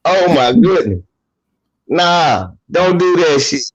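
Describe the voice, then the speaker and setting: A man from New York, co-hosting a casual chat and telling stories in a profane, animated, street-slang way. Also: a little high, slow, slightly rough, no echo. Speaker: podcast co-host. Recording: dull lo-fi dry audio.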